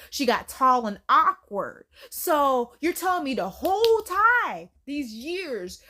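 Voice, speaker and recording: A high-voiced woman recaps a film in a loose, chatty way. She talks with animated slang and frequent laughs. Her voice sits noticeably high for a woman. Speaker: YouTube film reviewer. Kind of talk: casual movie recap.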